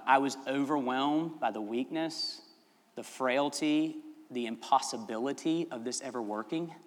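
A man's voice: mid-range voice, bright, forceful tone, big-room sound. A man preaching as pastor, telling a story in a chatty, rambling way and laughing at his own asides. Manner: chatty, rambling, self-amused. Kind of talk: sermon storytelling.

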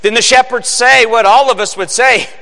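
A man's voice: extremely high pitch, normal speed, bright, forceful tone. A man preaching a Christmas Eve sermon, earnest and building to emphatic peaks. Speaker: pastor. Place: church sanctuary. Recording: echoing sanctuary reverb.

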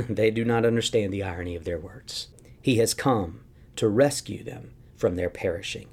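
A man preaching a sermon, slow and emphatic, asking pointed rhetorical questions and dropping to near whispers for weight. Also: on the low side, darkish tone, breathy edge. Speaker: pastor.

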